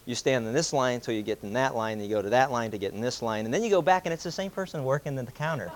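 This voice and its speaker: A quick-paced man with a medium-pitched voice relates a casual anecdote to a group. Animated, he voices the quoted characters and chuckles between lines.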